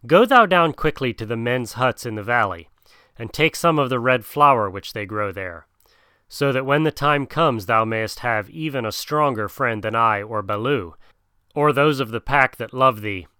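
A man voicing a wise, protective male black panther in a storybook reading, speaking softly and low, growing urgent when he gives advice. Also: animated, normal speed, clear, resonant tone, dry recording, studio quality. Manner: soft and low, then urgent.

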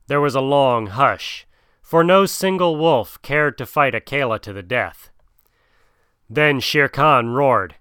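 Guy reading a story aloud, bright smooth voice, super dry. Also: medium pitch, animated, slow pace, no room sound. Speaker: narrator.

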